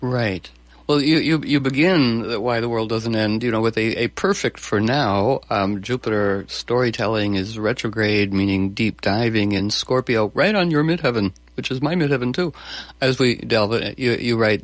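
Rambling, animated male host. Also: medium pitch, normal speed, no echo. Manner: rambling, many restarts, animated. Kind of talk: enthusiastic interview talk.

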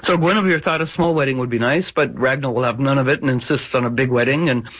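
A man's voice: mid-range voice, fast, dry recording. A man telling a legend on the radio, wry and conversational with digressions. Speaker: radio storyteller. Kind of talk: spoken-word storytelling. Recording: dry, tinny phone-like radio audio.

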